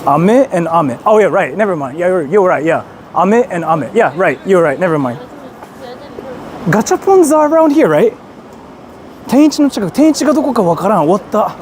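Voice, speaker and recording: A young man from Japan chatting casually on a livestream as he walks through city streets. He is excitable, swears a lot and bursts into shouts. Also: sits high, quick pace, pauses often. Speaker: streamer. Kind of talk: casual livestream chat while walking. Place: busy city street outdoors. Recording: street noise behind.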